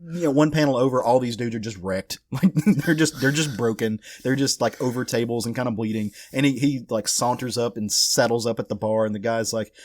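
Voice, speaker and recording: Clean studio sound with no room tone carries this podcast co-host's brisk, mid-range voice. In casual comic book chat, he retells a story with lively energy, voicing the characters and cursing along the way.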